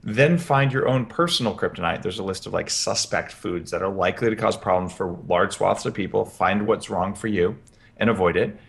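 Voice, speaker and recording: Gravelly low-voiced man explaining. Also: moderate pace. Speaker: podcast guest, health expert. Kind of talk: interview, explaining practical advice. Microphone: headphones with podcast mic.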